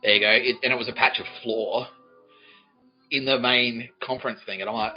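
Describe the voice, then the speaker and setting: A man's voice: medium pitch, steady tone, fairly quick, muffled recording, faint music behind. A man, hosting a comedy podcast and telling a profane, mock-angry story. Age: 40s. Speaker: podcast host.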